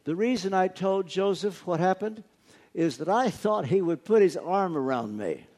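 A man's voice: sits high, lively intonation, normal speed, a little mellow. A man preaching a sermon, telling a personal story earnestly and stressing key words through repetition. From United States.

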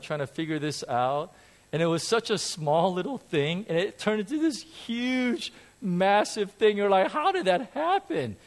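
Animated man preaching a sermon. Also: on the high side. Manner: animated, self-deprecating humor, repeats phrases. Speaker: pastor. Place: church sanctuary with a congregation.

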